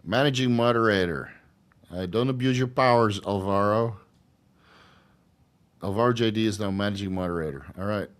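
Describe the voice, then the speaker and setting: A man hosting a casual livestream Q&A, rambling and crude, laughing often and filling pauses with ums and uhs. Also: fairly low pitch. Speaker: channel host answering live chat questions.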